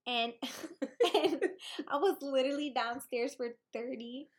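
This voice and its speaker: High-voiced woman co-hosting a casual podcast. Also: slow pace. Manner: animated storytelling, laughs often, slangy. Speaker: podcast co-host. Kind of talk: casual chat.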